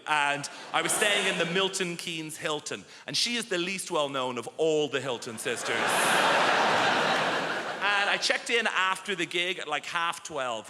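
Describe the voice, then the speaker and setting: A male stand-up comedian performing a set on a theatre stage, animatedly acting out the voices of people in his stories. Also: on the high side. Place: large theatre stage with a laughing audience. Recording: echoey theatre hall with loud crowd.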